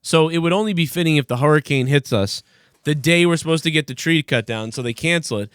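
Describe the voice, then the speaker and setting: A man's voice: fairly high pitch, fast, fairly bright tone, smooth, no echo, clean studio sound. A man hosting a crude call-in podcast, rambling and swearing as he acts out phone calls. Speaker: podcast host. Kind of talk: crude casual chat.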